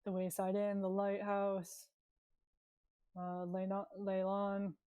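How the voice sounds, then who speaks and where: Female player, mid-pitched, casual. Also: monotone, takes it slowly, mellow, smooth. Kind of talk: playing a tabletop game.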